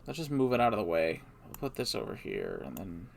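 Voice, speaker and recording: A man talking to his stream in a hesitant, mumbling way, often putting himself down. His voice is gravelly with fry and moves around a lot in pitch. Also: huge pitch swings, fairly quick, slight background noise. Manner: mumbling, hesitant and self-deprecating. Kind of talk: casual live-stream rambling.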